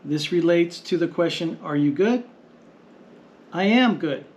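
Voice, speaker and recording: A man teaching vocabulary in a patient, explanatory lesson, repeating words slowly and deliberately. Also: on the high side, expressive, a little mellow. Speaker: language teacher. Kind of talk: slow explanatory lesson narration.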